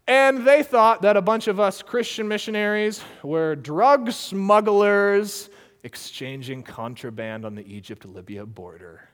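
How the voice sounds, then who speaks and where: A man's voice: mid-range voice, in a large hall. A man from the United States telling a story casually, full of fillers and frequent laughter. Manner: animated, laughs often, many fillers. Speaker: missionary storyteller.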